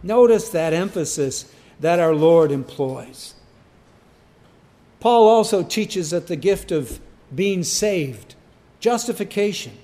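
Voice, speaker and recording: Male preacher, high voice, slow and deliberate, emphatic with sudden loud cries. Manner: emphatic, repeats key phrases, rises to sudden loud cries. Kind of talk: sermon.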